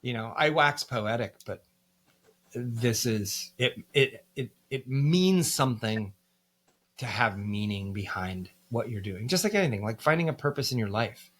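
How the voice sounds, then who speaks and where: A man's voice: medium pitch, expressive, a little slow, a bit bright. Candid American man telling band stories. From United States. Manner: candid and profane, with many fillers. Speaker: band musician, guest. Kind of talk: casual podcast storytelling.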